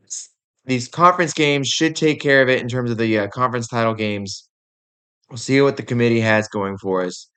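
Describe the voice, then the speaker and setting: Hosting a sports podcast, a young man delivers an opinionated, exasperated rant, casual and heavy on fillers. His medium-pitched voice comes across clear, resonant, and a bit bright.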